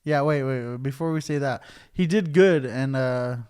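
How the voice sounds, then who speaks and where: A man with a smooth, clear voice co-hosts a podcast, rambling casually and padding his sentences with fillers. His pitch sits in an ordinary middle range. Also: normal speed, a little mellow. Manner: loose, rambling, filler-heavy. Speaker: podcast co-host. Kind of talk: casual chat.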